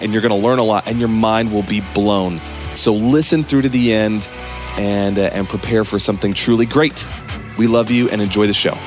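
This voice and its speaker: A man with a somewhat low voice opens a podcast episode in a chatty, enthusiastic, jokey way. A music bed plays clearly under his voice. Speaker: podcast co-host. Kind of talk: upbeat episode intro to listeners.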